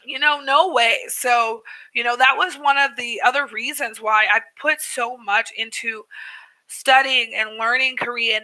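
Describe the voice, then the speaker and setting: A woman's voice: fairly high pitch, sharp tone, low-quality recording. A woman vlogger casually telling a story, full of fillers and acted-out quotes. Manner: chatty, many fillers, acts out quoted people. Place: living in Korea.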